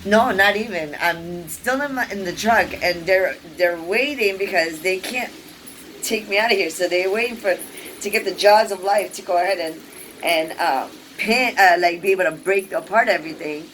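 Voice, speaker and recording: A woman's voice: medium pitch, moderate pace, slight background noise, low-quality recording. A woman vlogger telling a personal story in a casual, rambling way, full of fillers and restarts and acting out what people said. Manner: lively, acts out quoted people.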